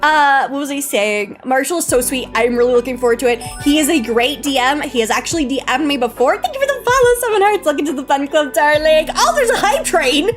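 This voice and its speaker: A young woman streamer chatting casually with her live chat, bubbly and giggly, greeting viewers warmly. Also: sits high, a little fast, hardly any pauses. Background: faint background music.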